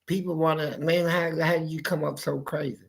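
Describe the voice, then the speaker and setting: A man tells animated stories from his life in casual conversation, mimicking his family's voices. His voice is on the high side, gravelly, and fairly quick.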